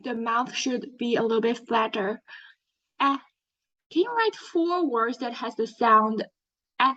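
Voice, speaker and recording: Woman teacher, encouraging, slow and clear, somewhat high voice, muffled lo-fi audio. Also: expressive, fairly bright tone. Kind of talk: teaching an English lesson. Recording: dull lo-fi sound.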